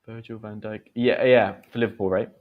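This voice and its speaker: A man's voice: fairly low pitch, fairly even intonation, fairly quick, phone-quality sound. Chatty man teaching online. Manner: chatty, encouraging, reads out comments. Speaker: English teacher hosting a livestream. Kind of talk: live-stream chat and teaching.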